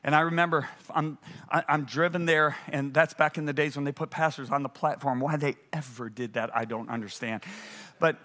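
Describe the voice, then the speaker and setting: A male preacher delivering a sermon, swinging between loud urgent peaks and hushed, low passages. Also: steady tone, brisk.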